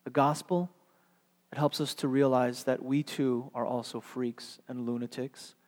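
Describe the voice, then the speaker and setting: A man's voice: mid-range voice, fairly even intonation, unhurried, darkish tone. A male pastor delivering a sermon with dramatic, earnest storytelling. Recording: long hall reverb.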